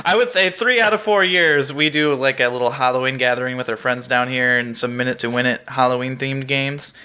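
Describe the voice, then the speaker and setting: A man's voice: medium pitch, steady tone, a little fast, pushed and bright, clear, resonant tone. A man co-hosting a podcast, chatting casually and reading out a quiz with lots of laughter. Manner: playful, laughs often. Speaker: podcast co-host. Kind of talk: casual chat, quizmaster.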